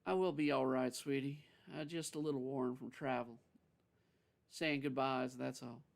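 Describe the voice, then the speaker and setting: A man's voice: medium pitch, steady tone, a little slow, gravelly. A man voicing a weary woman from near Dallas who hides her sadness behind a friendly, slightly raised tone. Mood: warm.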